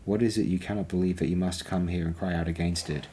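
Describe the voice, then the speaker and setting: A man voicing a young woman oracle who speaks in sharp, scolding pronouncements. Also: low voice, steady tone, quick pace, slight background noise, lightly acted.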